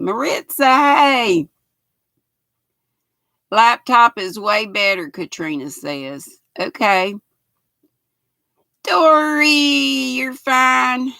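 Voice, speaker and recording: Older woman in her sixties, Southern US accent, raspy, folksy livestream chatter, bright tone, dry close sound. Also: on the low side, animated, slow, dry recording. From United States. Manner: chatty, folksy, reads viewer comments aloud. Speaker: knitting livestream host. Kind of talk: casual livestream chat. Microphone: built-in laptop mic.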